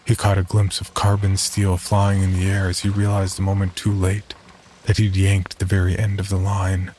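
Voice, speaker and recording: A man giving scripted narration of a horror story in a measured, even way. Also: low-pitched, a little hiss or hum. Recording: narration over loud music.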